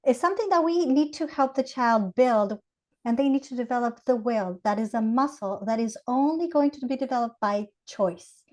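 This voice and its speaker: A woman from Ecuador with an Ecuadorian Spanish accent, a Montessori educator explaining ideas with animated acted-out examples in a podcast interview. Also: a little high, normal speed.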